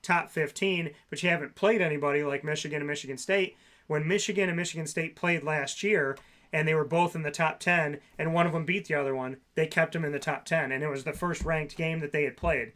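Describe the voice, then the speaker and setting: A man's voice: on the high side, steady tone, fairly quick, pushed and bright. A man co-hosting a casual sports talk show, sarcastic and ranting about team rankings.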